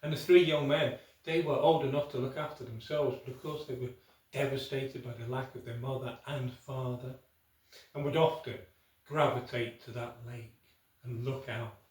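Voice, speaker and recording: A man telling a folk tale aloud, unhurried, with dramatic pauses and asides to the listener. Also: medium pitch, steady tone, darkish tone. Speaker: storyteller. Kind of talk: oral folk tale storytelling. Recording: echoey room, from far off.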